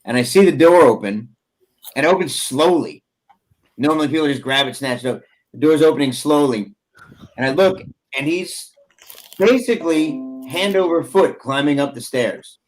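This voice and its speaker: A man's voice: on the high side, normal speed. A man hosting a casual podcast chat, telling a story with lots of laughter and acted-out quotes. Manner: animated storyteller, laughs often, acts out quotes.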